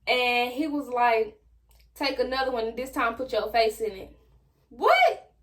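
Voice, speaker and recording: A young adult woman telling a personal story straight to her viewers in a casual, slangy, animated way. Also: a little high, moderate pace. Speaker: vlogger.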